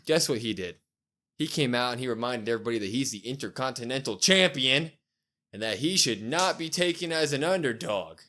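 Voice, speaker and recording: A man's voice: medium pitch, a little fast. A man co-hosting a casual wrestling review podcast, recapping the show and acting out what the wrestlers said. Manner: animated retelling, acts out wrestlers' lines. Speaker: podcast co-host.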